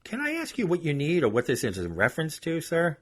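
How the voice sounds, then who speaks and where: A man's voice: a little high, huge pitch swings, brisk, voice pushed up. A man voicing a polite, cautious woman who answers a phone in a formal office manner. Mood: guarded, polite.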